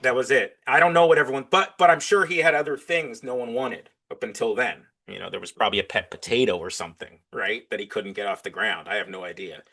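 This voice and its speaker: This is a man guesting on a podcast, speaking at an ordinary mid pitch. He chats easily and with enthusiasm. He slips into little acted-out exchanges as he talks. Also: fast talker, few pauses, pushed and bright. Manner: enthusiastic, acts out his own back-and-forth dialogue. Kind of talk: casual interview chat.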